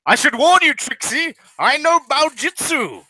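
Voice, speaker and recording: A man's voice: extremely high pitch, big pitch swings, a little slow, pushed and bright, dry recording, pitched above the performer's own voice, exaggerated voice, low-quality recording. A man voicing a big, blustering British man in a mech suit, with a put-on British accent and old-fashioned sporting bluster. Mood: pompous.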